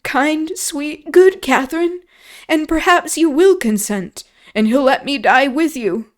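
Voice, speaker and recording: A woman's voice: on the high side, a little slow, lightly acted. A woman voicing a frail, terrified teenage boy who pleads tearfully in a novel read aloud on a stream. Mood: pleading.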